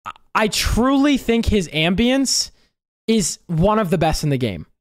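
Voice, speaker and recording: A music producer giving casual, emphatic reaction commentary, excitable and given to repeating words and swearing. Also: medium pitch, measured pace, dry recording, studio quality. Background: game chase music playing faintly.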